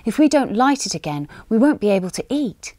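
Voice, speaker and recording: A woman's voice: fairly high pitch, sing-song, a little fast, warm tone, no room sound, pitched above the performer's own voice. A woman voicing a worried, struggling mother. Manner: anxious and plain. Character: worried poor mother of young children.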